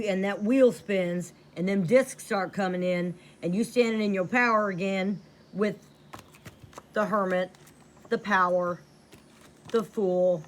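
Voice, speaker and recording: A woman's voice: medium pitch, a bit bright. A woman giving a tarot reading to camera, blunt and profane, repeating lines for emphasis. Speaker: tarot reader.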